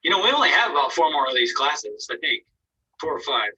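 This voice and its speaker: A man's voice: a little high, big pitch swings, a little fast, bright, forceful tone, far from the mic, muffled recording, slight background noise. A man teaching an online painting class, giving casual, encouraging critiques of students' work and thinking aloud as he goes. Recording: voice from away from the mic.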